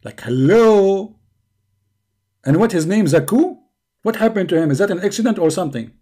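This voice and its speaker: Man, middle-aged, sarcastic taunting monologue, slightly high voice, warm tone. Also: lively intonation, fast talker, breathy edge. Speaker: online debater. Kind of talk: mocking stream monologue.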